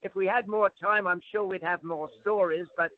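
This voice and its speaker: Un hombre de acento inglés, autor invitado, que charla en tono bromista con los presentadores. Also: male voice, high-pitched, fairly even intonation, moderate pace, no echo, phone-quality sound. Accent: English. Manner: jokey, self-mocking. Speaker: guest, author. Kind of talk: casual chat on a phone call.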